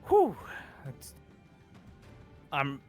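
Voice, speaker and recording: A young man playing in a tabletop game, swinging between excited and deadpan reactions. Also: mid-range voice, extremely slow, soft background music. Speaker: player.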